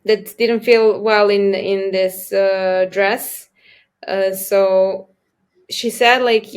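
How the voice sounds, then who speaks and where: A woman's voice: mid-range voice, steady tone, very slow, clear, resonant tone. A woman speaking as a podcast guest in a casual conversation, hesitant and searching for her words.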